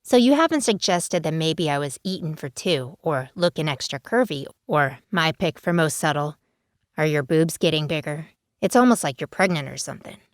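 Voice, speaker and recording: Woman doing a no-nonsense dragon lady w/ a clipped new york accent, low and dry, close mic storybook read. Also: animated, normal speed, dry recording. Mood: firm, dry. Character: stern, dry-witted dragon woman in human form.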